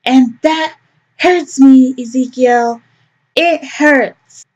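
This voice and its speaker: A woman's voice: high voice, very slow, a little mellow, pitched above the performer's own voice, exaggerated voice. A woman voicing a clingy, manipulative mother who coaxes her son with pet names. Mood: sweetly controlling. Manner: coaxing, calls him baby and pet names. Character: clingy manipulative doting mother, sickly sweet.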